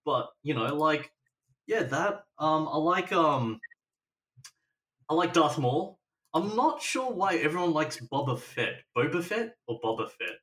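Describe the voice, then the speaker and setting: A man's voice: on the high side, very animated, a little slow, a bit bright, far from the mic. A man co-hosting a casual podcast, rambling and hesitant with many restarts. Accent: non-American. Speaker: podcast co-host. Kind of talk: casual chat.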